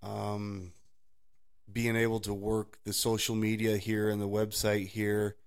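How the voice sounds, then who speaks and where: Low-voiced man rambling through stories. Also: unhurried, clean tone. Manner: rambling, laughs often, animated storytelling. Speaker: podcast co-host. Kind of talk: casual faith chat.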